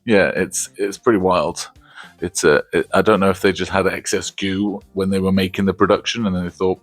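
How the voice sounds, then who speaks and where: A man's voice: low-pitched, steady tone, fairly quick, dry recording, soft background music. A man hosting a casual movie review, rambling, laughing often and swearing casually.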